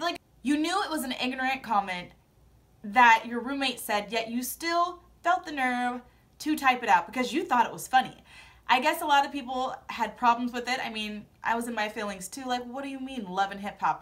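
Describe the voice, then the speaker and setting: Sassy high-voiced young woman vlogger. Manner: sassy, animated, opinionated commentary. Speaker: vlogger recapping a TV show. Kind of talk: casual chat.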